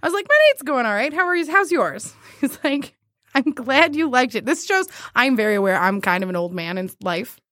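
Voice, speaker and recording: A woman's voice: high voice, brisk, no echo, clean studio sound. A woman hosting a casual chat, reading out dating-app messages with lots of giggling. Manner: giggly, animated storytelling. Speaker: podcast host.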